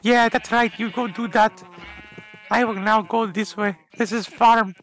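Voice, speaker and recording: A man's voice: high voice, steady tone, unhurried, fairly bright tone, poor audio. A man voicing a naive, rambling young boy who narrates his gameplay in broken, childlike grammar with silly, random tangents. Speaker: game commentator. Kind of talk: comedic gameplay commentary.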